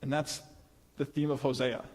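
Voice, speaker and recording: A man's voice: mid-range voice, moderate pace. A man giving a conversational sermon, acting out quoted voices as he speaks. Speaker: preacher. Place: church hall. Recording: long reverb of a live hall.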